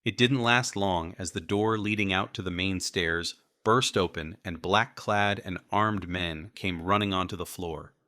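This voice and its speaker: A male narrator reads a first-person audiobook, telling the story at a measured, even pace. His deep voice has a bright, forceful edge, and the sound is close and dry with no echo.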